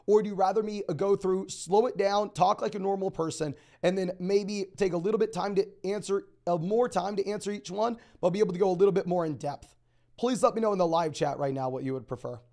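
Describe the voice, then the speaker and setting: A young man hosting a live stream, answering viewer questions in a rapid, auctioneer-like delivery. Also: high voice, mellow. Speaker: fantasy football host.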